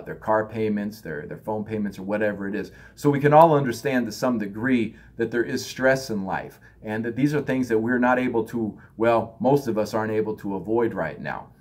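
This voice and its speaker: A man's voice: on the low side, slightly rough. A man giving a loose, conversational spiritual talk, now and then acting out other people in raised voices. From United States. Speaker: spiritual teacher.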